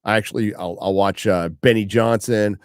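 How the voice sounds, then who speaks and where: A man's voice: on the low side, steady tone, normal speed, smooth, no echo, clean studio sound. Blunt profane man hosting a livestream. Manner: blunt, profane, repeats phrases for emphasis. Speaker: host reading viewer questions. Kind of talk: casual profane livestream chat.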